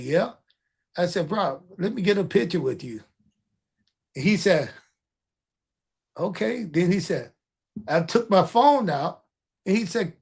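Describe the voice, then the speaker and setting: An older man with a fairly high voice hosts a podcast and tells a story in loose, casual chat. He acts out each quote with energy and swears freely along the way. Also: creaky, husky. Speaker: podcast host.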